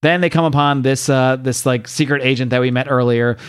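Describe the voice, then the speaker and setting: A man hosting a podcast, casually retelling a comic book's plot in a halting, filler-heavy way. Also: medium pitch, fairly even intonation, clear, resonant tone. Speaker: podcast host. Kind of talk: casual comic-book recap.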